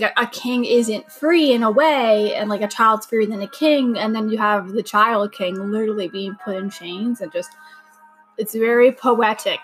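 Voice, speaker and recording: A woman's voice: fairly high pitch, fairly bright tone, rough recording. Gushing young woman watch-along host. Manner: gushing, chatty, many "like" fillers. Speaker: podcast host. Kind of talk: casual watch-along commentary. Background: show audio playing underneath.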